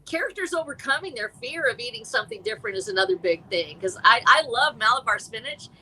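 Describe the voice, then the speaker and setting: A middle-aged woman, chatting as a guest author on a live stream, rambling and animated with many restarts. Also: a little high, fast talker, slight background noise, low-quality recording. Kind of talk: casual chat.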